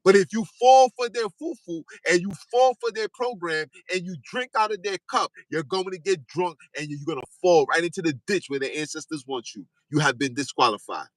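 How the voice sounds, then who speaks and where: A man's voice: high voice, fairly quick, few pauses, dry recording, low-quality recording. Fiery, insistent man with a raised voice. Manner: repetitive, insistent, rising to shouts. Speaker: podcast host. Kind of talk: fiery monologue preaching.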